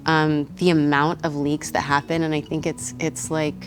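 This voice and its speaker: A woman's voice: deep voice, little pitch movement, normal speed, over music. A woman from Texas, a voice actress, chatting animatedly over a meal as a guest in a studio kitchen and laughing often. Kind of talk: casual interview over a meal.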